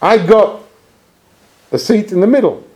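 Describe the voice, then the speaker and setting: A man telling a personal anecdote in an animated, expressive way. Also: measured pace. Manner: animated, expressive storytelling with swings in pitch. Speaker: speaker telling a personal story. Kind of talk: anecdotal storytelling talk.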